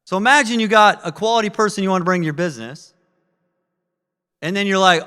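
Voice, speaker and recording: A man giving a live sales training talk, energetic and asking the audience questions. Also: high voice, quick pace, pauses often, clear, resonant tone, long reverb tail. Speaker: network marketing trainer. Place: training event room with audience.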